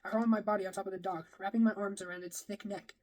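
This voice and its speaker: A woman's voice: medium pitch, steady tone, fast, a little mellow, rough recording. Woman reading a novel aloud. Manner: first-person storytelling with occasional slips and rereads. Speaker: reader.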